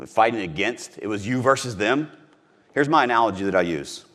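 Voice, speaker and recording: A man's voice: on the low side, expressive, brisk, a bit bright. A middle-aged man from Missouri giving a punchy, emphatic motivational talk on sales, repeating his key phrases. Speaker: podcast host teaching sales.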